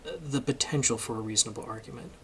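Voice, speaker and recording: A political commentary vlogger delivers a casual opinion monologue for his channel at a middle pitch, talking fast with a fairly bright tone. He argues emphatically and gets worked up, with a faint background noise beneath his voice.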